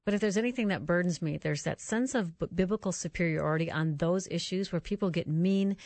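A woman's voice: lowish voice, brisk, darkish tone, no echo. A woman hosting a Christian radio talk show, chatting earnestly and telling stories. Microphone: studio microphone.

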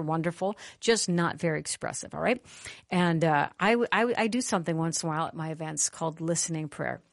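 An animated woman preacher tells a story in a lowish, conversational voice, urging the room to give her an amen. The sound is dry and close. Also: dry recording. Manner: animated, conversational, calls for amens. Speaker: conference speaker. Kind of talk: sermon with storytelling.

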